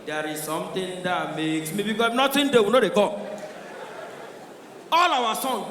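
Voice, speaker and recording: A man's voice: sits high, expressive, normal speed, a bit bright, slight background noise. A man with a Nigerian Pidgin accent doing live stand-up, telling stories animatedly and switching into character voices. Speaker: stand-up comedian. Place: large live comedy venue. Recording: echoey hall from far off.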